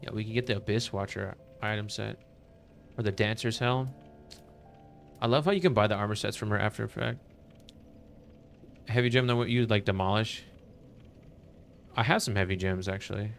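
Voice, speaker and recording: A man with a lowish voice and vocal fry talks at a normal speed, pausing often over soft background music. He's live-streaming a game, laid-back as he chats casually with viewers and greets chat members with upbeat enthusiasm.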